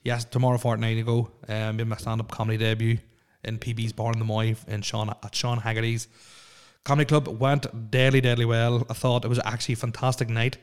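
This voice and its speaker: Here a male podcast host chats casually by himself in a house, stammering and rambling with frequent restarts and fillers. He speaks briskly in a medium pitch, with a flat delivery and a clean tone.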